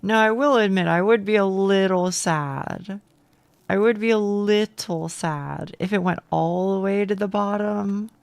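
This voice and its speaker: A woman's voice: mid-range voice, fairly even intonation, unhurried, creaky, no room sound. A young woman streaming a game from home on a close mic, chatting casually with chat, self-deprecating, stammering and swearing.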